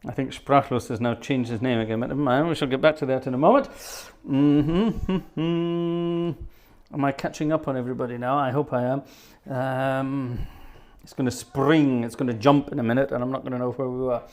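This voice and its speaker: A man's voice: medium pitch, fairly even intonation, fast talker. Chatty man greeting his viewers. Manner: cheerful, chatty, reads out names from the chat. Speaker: livestream host and organist. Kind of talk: casual live-stream chat, greeting viewers. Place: home organ studio.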